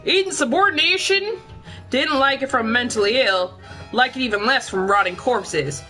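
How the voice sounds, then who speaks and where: A woman voicing a gruff, bossy male crime boss with a sneering, menacing manner. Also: sits high, moderate pace, pushed and bright, faint music behind, voice pushed up.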